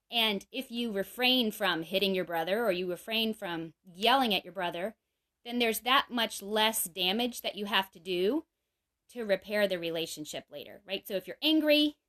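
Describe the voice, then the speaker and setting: A woman's voice: mid-range voice, fairly bright tone. A woman in her thirties explaining a parenting idea in a casual talk, full of "you know" and "right?", acting out quoted lines in a livelier voice. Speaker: parenting speaker.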